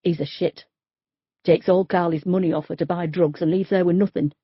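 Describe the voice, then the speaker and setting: A woman's voice: fairly low pitch, fairly even intonation, brisk, slightly rough, no echo, muffled recording. A woman voicing a blunt, gossipy middle-aged street worker, in an audiobook. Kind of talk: audiobook character voice.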